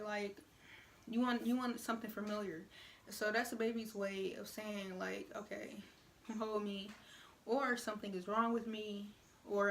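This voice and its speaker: Young woman, frank casual vlogger, mid-range voice, faint room hum behind. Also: mid-range voice. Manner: frank, conversational, many "you know" asides. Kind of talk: casual opinion vlog.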